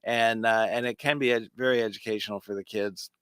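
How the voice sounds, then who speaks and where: A man's voice: fairly low pitch, fairly even intonation, brisk, a bit bright, clean tone, dry recording, studio quality. A man co-hosting a casual chat show about magic, explaining tricks step by step and counting aloud. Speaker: podcast co-host.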